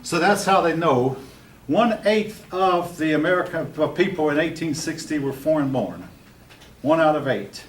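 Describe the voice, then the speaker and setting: A man's voice: a little high, animated, moderate pace, far from the mic. Older male history teacher, blunt and opinionated, recorded from across a roomy classroom with faint hum. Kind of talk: classroom lecture.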